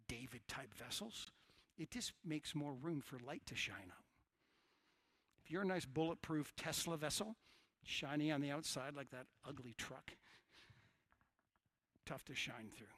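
A middle-aged male pastor preaching a sermon, swinging from hushed asides to shouted lines. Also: mid-range voice, husky, dry recording.

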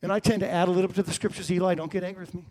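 A middle-aged man preaching a sermon, telling the story with lively swings between loud and hushed delivery. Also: high voice, rapid-fire.

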